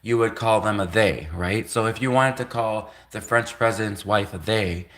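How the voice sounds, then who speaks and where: A man's voice: on the low side, normal speed, fairly bright tone. A man hosting a livestream, rambling in sarcastic commentary full of rhetorical questions. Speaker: livestream host.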